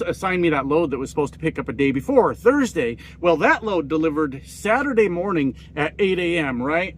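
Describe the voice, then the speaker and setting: Over slight background noise, a middle-aged truck-driving man with a voice on the high side spins casual stories. He rambles and curses throughout, and when quoting others he acts them out in a raised voice.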